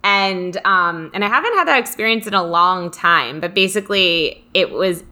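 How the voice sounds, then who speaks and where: Young woman co-host, lower-pitched yet bright and forceful, reflective and rambling. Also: animated, normal speed. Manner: rambling and reflective, many fillers. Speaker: co-host reading live comments. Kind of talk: casual live-stream chat.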